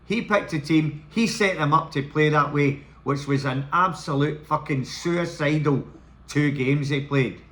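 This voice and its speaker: A Scottish football fan vents straight to his camera, swearing through a heated rant. His voice is bright and forceful, sitting a little higher than most men's. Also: unhurried. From Scotland.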